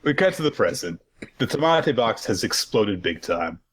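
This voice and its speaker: Rambling, low-voiced man recapping casually. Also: sing-song, moderate pace, breathy edge. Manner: loose and rambling, many fillers, jokey profanity. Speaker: podcast co-host.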